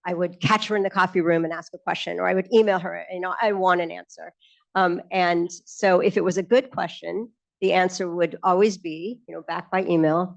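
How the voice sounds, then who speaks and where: A woman's voice: fairly low pitch, gravelly. A middle-aged woman on a lecture panel, eagerly recalling her years with her mentor. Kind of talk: personal reminiscence.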